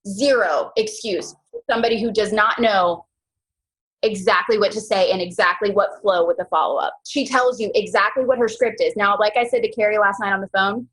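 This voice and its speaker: A young woman leading a team coaching call, chatty and animated, full of slang and quick asides. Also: rough recording. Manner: animated, chatty, slangy, jumps into high mock voices. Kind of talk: casual motivational team call.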